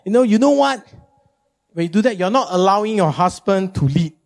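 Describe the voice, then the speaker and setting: A male pastor preaching a sermon, animated and emphatic, often repeating words for effect. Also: a little fast, creaky. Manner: animated, emphatic, jumps into high mimicking.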